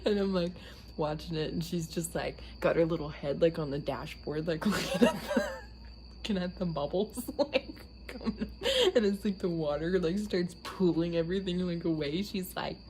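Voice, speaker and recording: A woman's voice: on the low side, a little slow, a little mellow, slight background noise. A young woman casually telling a funny story, laughing often mid-sentence.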